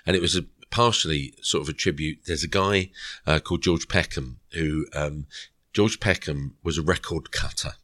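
Very deep-voiced man telling anecdotes. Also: fairly bright tone, no room sound, clean studio sound. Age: middle-aged. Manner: rambling anecdotal, acts out quoted dialogue. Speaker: podcast guest. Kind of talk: storytelling interview.

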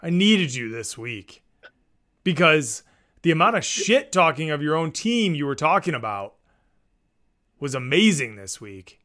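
A man's voice: on the high side, sing-song, a little slow, long pauses, sharp tone. A man co-hosting a podcast, bantering and teasing about football. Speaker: podcast co-host. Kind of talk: casual sports chat.

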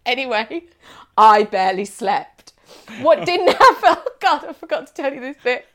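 A woman's voice: high-pitched, moderate pace. A woman telling a holiday story in casual chat, acting out the people she quotes and laughing often. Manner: animated storytelling, bursts into laughter, acts out quotes.

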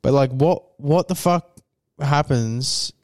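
A man's voice: medium pitch, slow, darkish tone, no echo, studio quality. A young adult man with an Australian accent, co-hosting a casual podcast chat in a laid-back, swearing, filler-heavy way. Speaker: podcast co-host.

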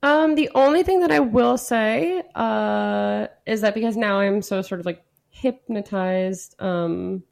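A woman's voice: mid-range voice, measured pace, creaky, a little mellow. A woman who is a comedian, a guest on a comedy podcast, talking in a rambling, playful way with many fillers.

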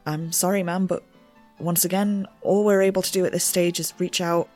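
A woman voicing a polite customer service agent who gives calm, formulaic replies. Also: fairly low pitch, moderate pace, faint music behind, lightly acted. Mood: patient.

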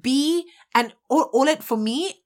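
A young adult woman co-hosting a podcast, animated and teasing, laughing often in casual chat. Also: high-pitched, measured pace. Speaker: podcast co-host.

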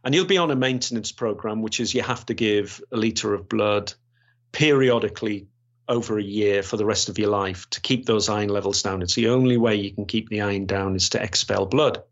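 A retired police officer in his sixties from Gateshead, England, rambles through his career in a storytelling interview, restarting often and using lots of fillers. His voice is fairly low and a little fast, on a slightly dull, lo-fi recording.

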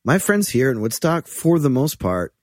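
A man's voice: medium pitch, moderate pace, no echo, studio quality. A man in his forties, a touring musician, chatting casually on a podcast and telling loose, profane stories, slipping into other people's voices when he quotes them. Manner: loose, profane, animated storyteller who slips into voices for quotes.

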